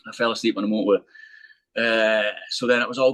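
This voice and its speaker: A fast-talking man spins a rough, swearing anecdote as a podcast guest, dropping into quoted voices as he goes. His voice sits at a middling pitch and is recorded dry and close, with no room sound. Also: level tone, a bit bright, no echo, rough recording. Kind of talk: casual storytelling.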